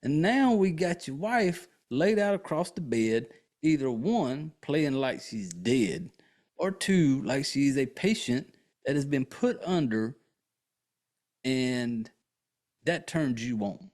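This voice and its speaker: A man's voice: on the high side, animated, slow, darkish tone. A man hosting a podcast, recapping a film in a casual, profane, joking way with lots of fillers. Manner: rambling, crude and joking, with many fillers. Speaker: podcast host.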